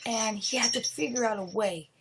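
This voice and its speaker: A woman's voice: fairly high pitch, normal speed, heavy background noise. A woman live streaming, telling a horror story in a rambling way, with restarts and dips into whispers.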